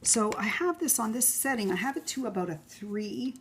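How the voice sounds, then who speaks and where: A middle-aged woman talking casually while she demonstrates a recipe in a home kitchen. She rambles and fills pauses with "um". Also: fairly high pitch, animated, slight background noise. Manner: chatty and rambling, with many fillers. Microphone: camera mic, filmed by her son.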